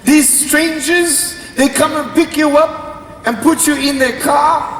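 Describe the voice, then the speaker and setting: A man playing a shrill exasperated mum. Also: unhurried, fairly bright tone. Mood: anxious. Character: exasperated mother confronting her teenage son. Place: large convention hall. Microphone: far camera in the audience. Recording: echoey hall from far off, faint noise.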